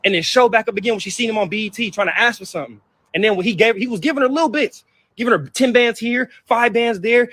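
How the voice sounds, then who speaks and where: Man, high voice, rapid-fire heated profane rant, hurt and upset; personal vlog to camera. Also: a bit bright, no room sound. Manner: heated, profane, repetitive outbursts. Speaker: vlogger. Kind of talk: emotional personal venting to camera.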